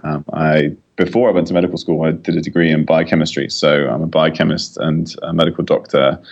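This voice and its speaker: Deep-voiced British doctor on a dull line. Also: male voice, level tone, creaky. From United Kingdom. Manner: measured, explanatory, with fillers. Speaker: guest doctor. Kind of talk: podcast interview.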